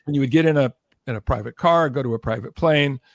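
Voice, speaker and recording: An older man, a podcast guest and former record executive, telling an animated story in conversation, acting out what others said and checking in with "okay?". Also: mid-range voice, fast talker, dry recording, studio quality. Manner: animated, acts out quoted voices, keeps checking in with "okay?".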